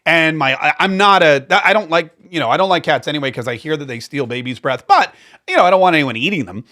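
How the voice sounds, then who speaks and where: A man hosting a political commentary show, talking in a rambling, sarcastic, animated way. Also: on the high side, fast.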